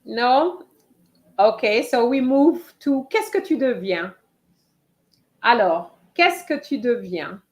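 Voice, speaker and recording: A woman teaching a live online French writing lesson, slowly reading out students' answers and encouraging them. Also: a little high, animated.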